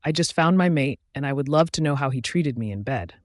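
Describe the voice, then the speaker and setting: A man narrating a first-person romance audiobook with an even, steady reading. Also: on the high side, fairly quick, dry recording, clean studio sound.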